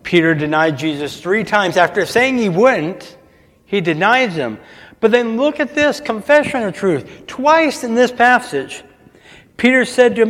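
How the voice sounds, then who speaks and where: A man's voice: sits high, lively intonation, a little slow, a bit bright, in a large hall. A man preaching a sermon as pastor, asking the congregation call-and-response questions.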